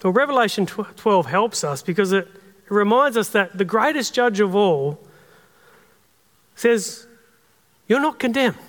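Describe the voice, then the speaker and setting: Brief: Australian male pastor, earnest and conversational, high voice, long hall reverb. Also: expressive, a little slow, long pauses. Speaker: preacher. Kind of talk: sermon.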